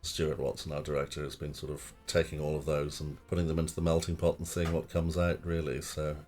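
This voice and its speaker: A man's voice: extremely low pitch, flat delivery, a little fast, a little mellow, soft background music. A man in a casual podcast chat, enthusiastically promoting a theatre production, rambling and restarting his sentences. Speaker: company member promoting a play.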